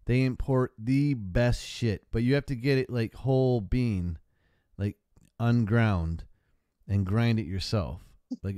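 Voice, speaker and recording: A man's voice: lowish voice, dark tone, dry recording, studio quality. A man hosting a casual call-in livestream, laid-back and swearing freely, often tossing in "man.". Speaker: call-in show host.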